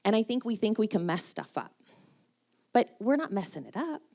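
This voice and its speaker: A woman's voice: medium pitch, very animated, normal speed, creaky, a little mellow. A middle-aged woman giving a casual, self-deprecating talk at a church women's breakfast, laughing often as she speaks. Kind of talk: casual sermon.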